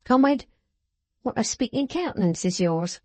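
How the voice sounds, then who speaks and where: Woman reading pompous scheming man, florid drawn-out talk, warm dark tone. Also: on the high side, lively intonation, no echo. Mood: florid, wheedling. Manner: florid, wheedling, theatrical, drawn-out. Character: pompous scheming older man with wooden leg.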